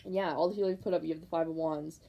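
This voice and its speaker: Husky-voiced woman reading tarot, emphatic. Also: low voice, racing, low-quality recording. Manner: rambling, repetitive, emphatic, many likes; excited, fired up. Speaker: tarot reader.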